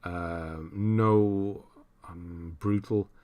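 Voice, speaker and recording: A man's voice: low-pitched, fairly even intonation, drawn-out words, dark tone. A man casually chatting on a livestream, thinking aloud and laughing as he reads through viewers' lists. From United Kingdom. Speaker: streamer.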